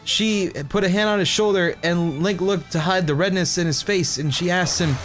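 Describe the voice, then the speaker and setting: A man's voice: high voice, fairly even intonation, moderate pace, hardly any pauses, fairly bright tone, faint music behind. Casual man stumbling through a fanfic reading. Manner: casual, stumbling, swears at his own slips. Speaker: YouTuber. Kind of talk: reading fanfic aloud while gaming.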